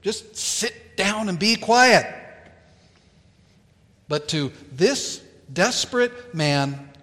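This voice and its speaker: A man preaching a sermon, telling a Bible story in a slow, deliberate way with dramatic pauses. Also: fairly high pitch, a bit bright, in a large hall. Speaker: pastor.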